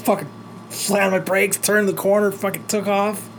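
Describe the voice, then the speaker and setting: A man's voice: high-pitched, fairly even intonation, normal speed, slight background noise. A man telling road-rage stories in a casual chat, rambling and swearing a lot.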